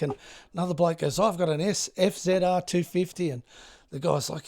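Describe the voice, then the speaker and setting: A man in his fifties with an Australian accent, a guest telling stories in a relaxed, halting way, full of fillers. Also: on the high side. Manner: laid-back, many fillers and restarts, acts out others' lines. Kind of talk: casual storytelling chat.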